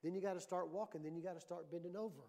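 A male pastor preaching a sermon, telling stories with animated, rising emphasis. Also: sits high, racing.

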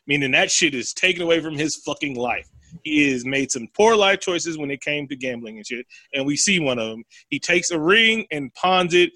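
A man with a bright, forceful voice tells a film's story in loose, profane chat. He slips into the characters' lines as he goes. The sound is dry and close. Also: a little high, moderate pace, no room sound. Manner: animated, profane storytelling with acted quotes. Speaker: podcast co-host. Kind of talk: casual chat, retelling a film plot.

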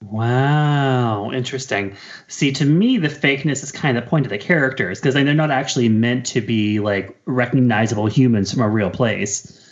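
A man co-hosting a casual film podcast, talking at a middling pitch with a playful, teasing edge and frequent laughter. The audio is slightly dull and muffled. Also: normal speed. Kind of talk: casual chat.

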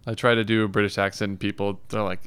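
A man with a smooth, somewhat low voice chats on a comedy podcast. He rambles a bit and pokes fun at himself. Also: little pitch movement, fast, a bit bright, no echo. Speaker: podcast co-host. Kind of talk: casual comedic chat.

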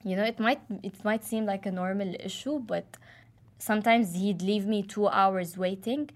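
Hesitant young woman, halting speech. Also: medium pitch. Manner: hesitant, many fillers and restarts. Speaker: client describing relationship. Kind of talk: casual conversation.

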